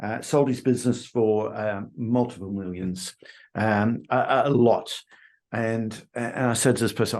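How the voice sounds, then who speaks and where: A man's voice: medium pitch, moderate pace, darkish tone. A man with an Australian accent hosting a podcast, chatting in a friendly way and asking questions. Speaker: podcast host. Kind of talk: interview conversation.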